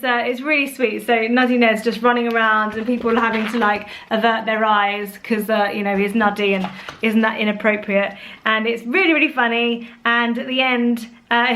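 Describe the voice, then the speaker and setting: A young woman chatting casually about her favourite bedtime picture books, animated, with playful put-on voices. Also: a little high, brisk, slight background noise. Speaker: vlogger reviewing children's books. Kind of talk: casual chat.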